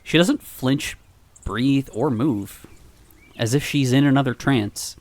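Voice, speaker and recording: A man streamer reading a visual novel aloud with wry, animated storytelling. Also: mid-range voice, takes it slowly, no echo.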